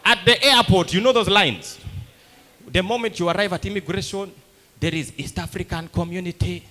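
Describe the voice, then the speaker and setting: A Ugandan man with a high-pitched voice performs stand-up comedy at a normal speed. He tells stories in an animated way, acting out other people's lines and voices.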